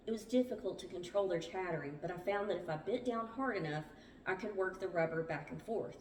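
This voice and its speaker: A woman hosting a book club reads from a survival memoir in plain storytelling fashion, with small stumbles. Her voice is on the low side and a little mellow. The audio is roomy and distant from the mic, with slight background noise.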